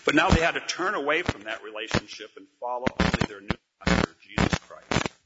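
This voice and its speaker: A man's voice: mid-range voice, animated, brisk, in a large hall, heavy background noise. A man preaching a sermon, earnest and rhetorical, reading scripture aloud. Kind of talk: sermon with dramatic storytelling. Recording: dull lo-fi recording.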